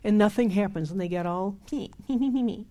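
Mellow-voiced older woman preaching. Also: medium pitch, unhurried. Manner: conversational, emphatic, repeats herself for stress. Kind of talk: sermon.

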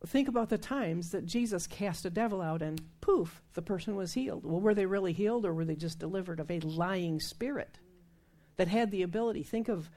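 Warm-toned woman preaching conversationally. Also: lowish voice, a little fast. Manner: conversational, emphatic storytelling. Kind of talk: sermon.

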